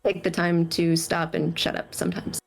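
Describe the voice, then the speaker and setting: A woman's voice: fairly low pitch, flat delivery, normal speed, gravelly, faint music behind. A woman on a casual live-stream chat, giving blunt, opinionated advice.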